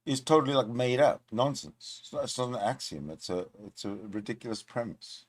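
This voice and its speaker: A man's voice: medium pitch, a little fast. A man hosting a reaction video, making sarcastic casual commentary and heckling the clip he plays.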